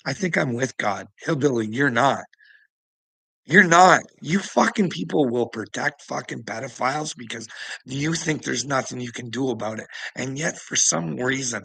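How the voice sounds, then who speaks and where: A man's voice: medium pitch, gravelly, a bit bright, slightly rough, no echo, low-quality recording. A man in a profane, combative ranting commentary, scornful and often laughing. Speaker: vlogger.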